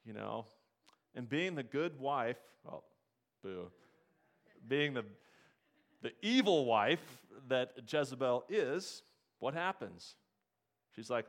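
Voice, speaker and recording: A man preaching to his congregation in a church, his pitch sitting in a middle range. He retells scripture stories with lively energy, throws questions out to the room and briefly acts out the characters. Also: slow pace, long pauses. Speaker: pastor. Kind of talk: sermon.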